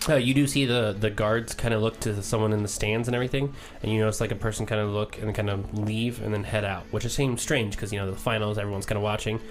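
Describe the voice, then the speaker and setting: A man narrating as game master, relaxed and loose with lots of fillers. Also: on the low side, quick pace, few pauses. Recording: faint background music.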